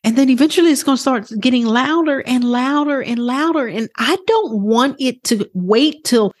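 A woman's voice: high-pitched, moderate pace. A woman hosting a motivational podcast as a wellness coach, talking earnestly and casually swearing, who often slips into quoted inner voices. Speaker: wellness coach and program host.

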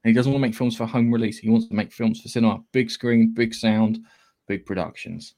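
A man's voice: on the low side, fairly even intonation, fairly quick, mellow. A man hosting a podcast, chatting casually about films and rambling with many restarts. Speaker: podcast host. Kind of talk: casual film chat.

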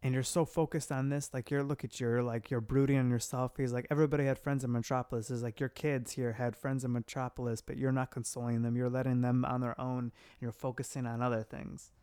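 A man in casual chat, retelling a story in an animated way and quoting the characters with laughs. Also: mid-range voice, fast, hardly any pauses, smooth, no room sound. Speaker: podcast co-host recapping a story.

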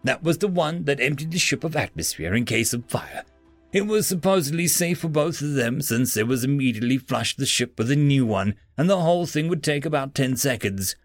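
Gravelly, expressive male storyteller. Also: mid-range voice, brisk, no echo, faint music behind. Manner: expressive, varied reading. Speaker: story narrator. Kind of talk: scripted story narration.

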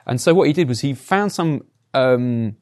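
A man's voice: medium pitch, lively intonation, moderate pace, a little mellow. A man giving a conversational sermon, telling personal stories and often adding tag questions like "right?". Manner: chatty, anecdotal, frequent tag questions. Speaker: preacher.

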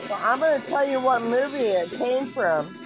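A woman's voice: a little high, expressive, moderate pace, music in the background. A woman from Omaha calling in, sassy and playful, swearing freely. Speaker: caller. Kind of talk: casual call-in banter.

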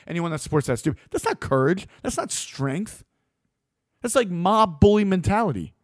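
A man delivering a blunt, opinionated monologue as a host, swearing freely and getting animated. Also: sits high, moderate pace, dry recording, studio quality.

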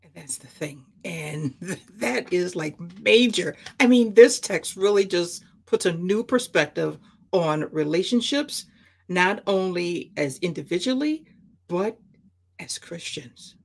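A woman co-hosting a ministry podcast, talking through a Bible parable in a lively, conversational way and slipping into character voices. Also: on the low side, takes it slowly, vocal fry. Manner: animated, acts out the characters she describes.

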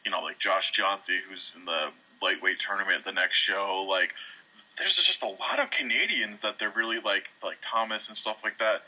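A man's voice: fairly low pitch, moderate pace, sharp tone, poor audio. A man co-hosting a podcast, talking casually and hedging with fillers. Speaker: podcast co-host. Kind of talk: casual chat.

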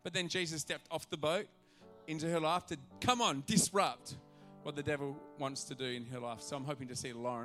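A male pastor preaching a sermon to a church congregation, animated and acting out the voices in his stories. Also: mid-range voice. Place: church auditorium.

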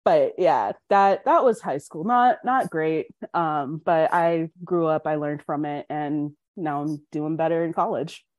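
Young woman guest, low-pitched, frank storyteller, dry studio sound. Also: measured pace, few pauses, no echo. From Colorado. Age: young adult. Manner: frank, animated, acts out quoted dialogue. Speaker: podcast guest, student. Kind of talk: candid interview storytelling.

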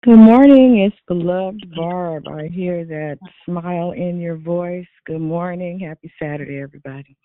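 A woman's voice: on the low side, steady tone, unhurried, few pauses, no echo. A woman calling in to a prayer line, sharing an upbeat testimony. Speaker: caller. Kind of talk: phone call-in chat. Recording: tinny phone line.

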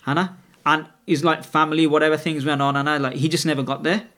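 A man's voice: a little high, fairly even intonation, fast, fairly bright tone. A middle-aged man, a podcast guest telling long rambling stories in casual talk, with many restarts and tag questions. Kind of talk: casual conversational storytelling.

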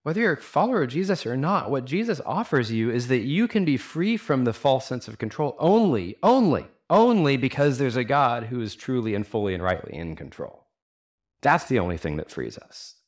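A man's voice: medium pitch, sing-song, a little fast. A man pastor giving a sermon in an earnest, conversational way, asking his listeners many rhetorical questions and using casual fillers.

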